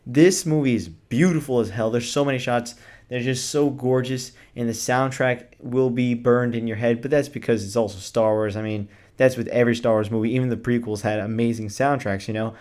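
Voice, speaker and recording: A man's voice: medium pitch, steady tone, fairly quick, darkish tone. A man reviewing a film on his vlog, gushing and enthusiastic, with lots of casual filler words and the odd swear word. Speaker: movie reviewer.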